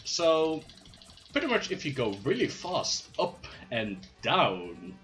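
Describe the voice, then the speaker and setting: A man commentates his speedrun live with a lively, bouncing delivery full of playful, hyped asides. His pitch swings widely from phrase to phrase, and faint game music plays under his talk. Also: slow pace.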